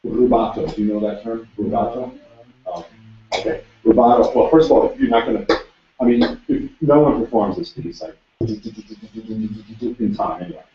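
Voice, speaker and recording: A man gives a one-on-one guitar lesson, direct and repetitive with his corrections. His voice sits a little low and comes from some way off the mic. The room echoes, the sound is dull and lo-fi, and guitar playing runs underneath. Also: moderate pace, recorded from a distance, slight background noise. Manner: direct, coaching, repeats instructions. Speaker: guitar teacher.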